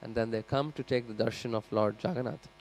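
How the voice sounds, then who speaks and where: A man with a medium-pitched voice, speaking fairly quickly, tells a sermon story during a scripture class in a temple hall. He's animated, acts out the characters, and speaks right to his audience.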